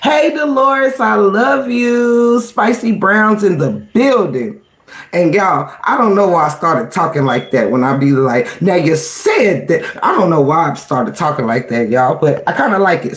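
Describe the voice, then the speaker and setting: A man's voice: a little high, expressive, moderate pace, echoey room. A man hosting a casual livestream. He speaks in a sassy, emphatic way, greets his chat by name and calls listeners honey and girl. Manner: reads chat aloud and greets viewers. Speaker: livestream host.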